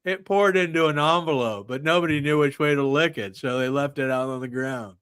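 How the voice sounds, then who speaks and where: A man's voice: a little high, fairly quick, a bit bright, smooth, no echo. A man hosting a casual podcast, rambling off into absurd tangents. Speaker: podcast host.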